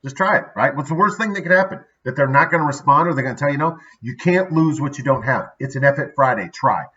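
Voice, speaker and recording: Upbeat male vlog host, bright forceful tone, a bit far off the mic, dull lo-fi sound. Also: medium pitch, quick pace. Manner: upbeat, conversational, frequent "right?" asides. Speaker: daily video host. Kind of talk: casual motivational talk.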